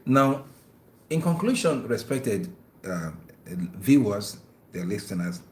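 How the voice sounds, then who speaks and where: A man's voice: lowish voice, very animated, takes it slowly, a little mellow. Earnest man preaching in an echoey room. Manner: earnest, preachy, stammers on repeated words. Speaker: Islamic talk show host. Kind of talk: religious advice talk with phone-in.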